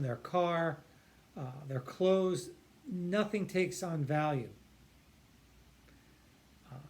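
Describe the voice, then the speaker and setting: A man, a psychiatrist, explaining earnestly and emphatically, stretching key words and often restarting his sentences. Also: fairly high pitch. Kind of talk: explanatory talk to camera.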